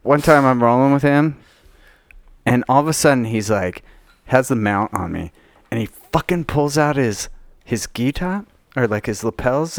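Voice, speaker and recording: Animated, foul-mouthed podcast co-host. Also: male voice, medium pitch, moderate pace, no echo. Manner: animated, profane storyteller. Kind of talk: casual podcast banter.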